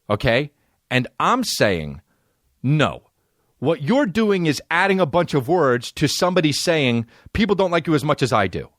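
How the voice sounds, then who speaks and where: A man's voice: mid-range voice, sing-song, normal speed, no room sound, studio quality. A man in his forties hosting a podcast, telling profane comic stories and slipping into put-on voices. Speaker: podcast host. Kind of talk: comedic monologue.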